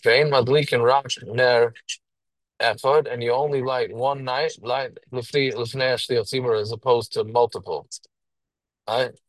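A man teaches a Hebrew text line by line, reading each phrase and then explaining it in plain English. His medium-pitched voice is steady and measured, the recording dry but rough.

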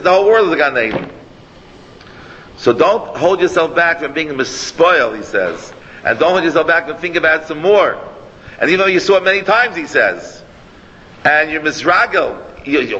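Rabbi guy giving a torah class, rambly and excited, throws in hebrew and yiddish words, dull lo-fi recording. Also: on the high side. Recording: long hall echo, dull lo-fi, faint noise.

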